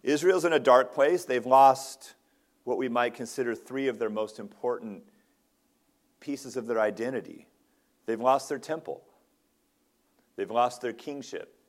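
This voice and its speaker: A man's voice: mid-range voice, a little slow, long pauses. Male lay preacher, earnest expository sermon, mid-range voice, restarts phrases often. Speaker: ruling elder preaching. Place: church sanctuary.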